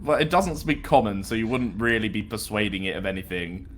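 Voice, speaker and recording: Casual man running a tabletop game. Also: lowish voice. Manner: relaxed, halting, many fillers and restarts. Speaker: game master. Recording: faint background noise.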